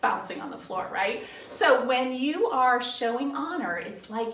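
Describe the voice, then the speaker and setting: Animated woman teaching kids, high voice. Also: measured pace, slight background noise. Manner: animated, sing-song, acts out family dialogue. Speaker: children's ministry teacher. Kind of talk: teaching young children. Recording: roomy, from some distance off the mic.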